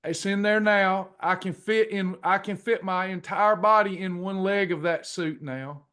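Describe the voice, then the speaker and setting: Guy, middle-aged, highish voice, drawling through his story, folksy. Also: fairly even intonation, pushed and bright, clear, resonant tone. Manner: drawn-out storytelling, folksy, acts out dialogue. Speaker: pastor and weight-loss class leader. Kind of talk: testimony to a class.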